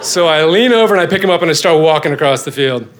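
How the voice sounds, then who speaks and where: A middle-aged man, a father, telling a personal story on stage with lively, self-mocking comic timing. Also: on the high side, quick pace, noisy background. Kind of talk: live storytelling performance.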